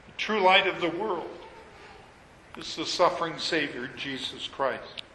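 A man delivers a sermon in a high, bright voice, reading old scripture wording and swelling into emphatic peaks. His words carry into a roomy hall with a long trailing reverb. Faint room ambience sits underneath. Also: unhurried, a little hiss or hum. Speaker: preacher.

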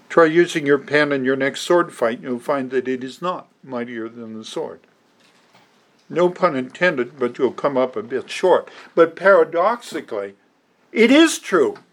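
Guy preaching a sermon, kinda high voice, slow and emphatic, leans on key words, little dry jokes. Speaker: pastor.

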